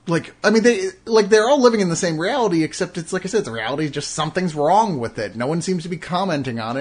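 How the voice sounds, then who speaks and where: A man reviewing a film in casual chat, rambling and laughing, often swinging between hushed and excited. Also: a little high.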